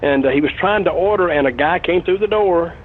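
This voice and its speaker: A man's voice: on the high side, brisk, breathy edge, phone-quality sound. An older man casually telling a rambling anecdote, swearing freely and chuckling as he goes. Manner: rambling, salty, chuckling storyteller. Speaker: storytelling guest. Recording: noisy background.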